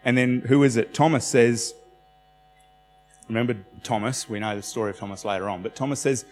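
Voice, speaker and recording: A man's voice: mid-range voice, steady tone, brisk. A man preaching in an easygoing, conversational way, acting out the lines he quotes and laughing at himself. His voice carries a long hall reverb, with faint music playing underneath. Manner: conversational, self-deprecating, acts out quotes. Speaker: pastor. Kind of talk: sermon.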